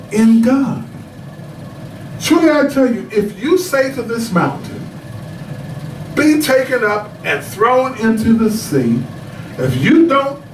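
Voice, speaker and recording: High-voiced preacher in an echoey church. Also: male voice, far from the mic, slight background noise. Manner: animated storytelling preacher, breaks into shouts and laughs. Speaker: pastor. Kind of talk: sermon.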